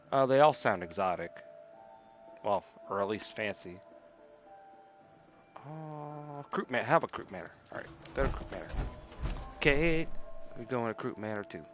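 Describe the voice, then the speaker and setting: A male game streamer talks casually in a rambling, profane way, often restarting his sentences. His voice is bright and forceful, and he sounds a bit tipsy. Faint music plays behind him. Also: lowish voice. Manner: rambling, profane, self-interrupting. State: tipsy from drinking. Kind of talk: casual gameplay commentary.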